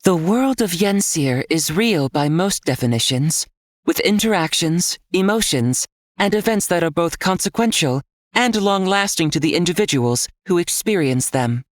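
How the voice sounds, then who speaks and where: A man putting on a detached female interface voice, pitched well above a male narrator's own voice. It explains in precise, matter-of-fact sentences. The sound is dry and close. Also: expressive, normal speed, no room sound, close to an everyday voice. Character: calm female system interface voice.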